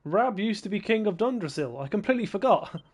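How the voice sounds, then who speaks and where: A man's voice: high-pitched, expressive, fairly quick, a little mellow. A man joking his way through a game as let's play host, reading the dialogue aloud, over game music. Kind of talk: gameplay commentary.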